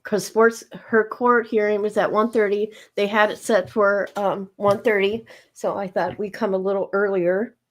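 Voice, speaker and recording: A woman's voice: mid-range voice, level tone, normal speed, hardly any pauses. A woman hosting a livestream in casual chat, talking straight to her viewers and repeating herself as she goes. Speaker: livestream host.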